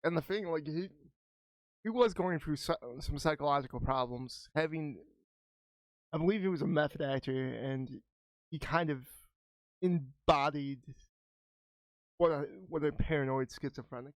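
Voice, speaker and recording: A man co-hosting a relaxed podcast, speaking in halting bursts that often restart mid-sentence. His voice sits a little higher than most men's. The recording is dry and close. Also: dry recording. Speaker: podcast co-host. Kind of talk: casual chat.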